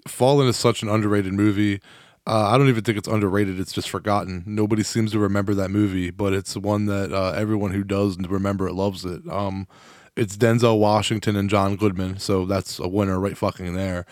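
A man's voice: fairly low pitch, fairly even intonation, a little fast, a little mellow, no room sound, studio quality. A man co-hosting a podcast in casual chat, telling loose, profane stories and laughing often. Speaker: podcast co-host.

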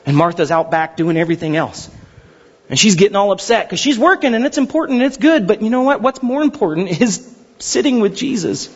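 A man preaching a sermon, animated and storytelling, sometimes acting out characters. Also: high voice, a little fast. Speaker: pastor. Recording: dull sound in a reverberant hall.

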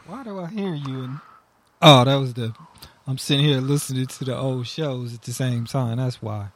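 A man's voice: mid-range voice, normal speed, a bit bright, no room sound. A man hosting a casual music show, teasing his co-host and laughing often. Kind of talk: casual chat.

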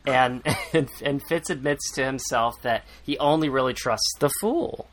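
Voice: mid-range voice, a little slow. A podcast host recapping a book in casual chat, rambling, sarcastic and swearing freely.

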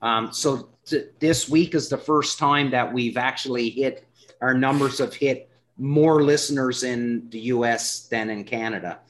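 A man's voice: mid-range voice, a bit bright. Newfoundland-accented male podcast host, casual and rambling. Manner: chatty, rambling, quick to laugh.

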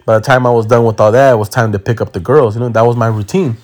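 A man's voice: medium pitch, steady tone, fast, darkish tone. A man in his thirties hosting a casual podcast from home on a phone, rambling, joking and swearing, with slang. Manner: rambling, joking, self-correcting, swears freely. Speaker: podcast host and comedian.

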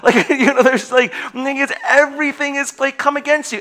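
A young adult man preaching a sermon to his congregation in an animated way, laughing often and restarting his sentences. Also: very high voice, moderate pace, few pauses. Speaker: pastor.

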